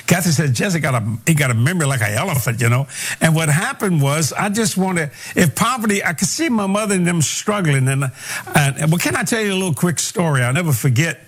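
Older male preacher, slightly high voice, animated folksy guest storyteller. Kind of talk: storytelling interview.

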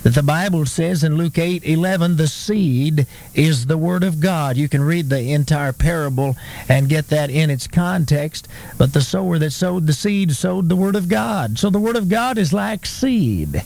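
Emphatic gravelly radio preacher, a man. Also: fairly high pitch, animated, moderate pace, darkish tone. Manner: emphatic, rising to fervent declarations. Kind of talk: radio sermon.

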